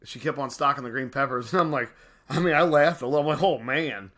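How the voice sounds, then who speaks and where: A man's voice: medium pitch, fast. A man, casually rambling about his life and a self-help book, talking to viewers as y'all. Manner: rambling, animated, addresses viewers as y'all, frequent laughs. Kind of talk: casual personal storytelling and reflection.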